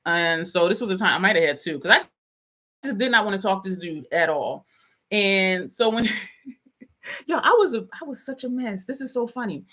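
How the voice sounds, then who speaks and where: A woman's voice: mid-range voice, expressive, normal speed, bright, forceful tone. A woman in her fifties, host of a casual livestream, telling a story to viewers, often laughing and reading out comments. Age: 50s.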